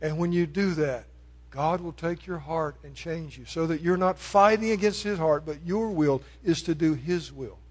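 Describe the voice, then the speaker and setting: A man preaching a sermon, swinging between loud proclamation and hushed, pleading appeals. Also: a little high, normal speed.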